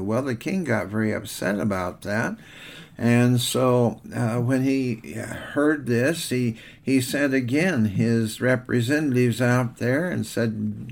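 Older guy pastor, gravelly voice, chatty folksy sermon story. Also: mid-range voice, slow. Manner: homespun storyteller, rambling with fillers.

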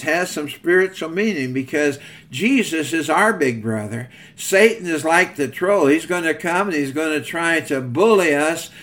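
A man's voice: on the high side, fairly bright tone. An older man preaching a sermon in a folksy, earnest storytelling manner.

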